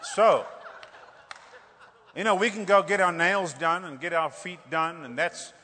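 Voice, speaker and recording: A high-voiced male preacher delivering a humorous sermon in a church. He jokes animatedly and keeps teasing the congregation with rhetorical questions. His voice rings out in a long reverb. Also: measured pace, a little hiss or hum. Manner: animated, joking, repeats "hello?" for laughs.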